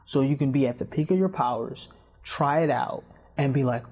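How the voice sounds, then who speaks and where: A man chats on a podcast in a husky, slightly breathy voice, wandering through his points with lots of fillers and restarts. The audio is muffled and lo-fi, like a dull home recording. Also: medium pitch, normal speed, a little mellow. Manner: rambling, storytelling with lots of fillers. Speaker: podcast guest or host. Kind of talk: casual podcast chat.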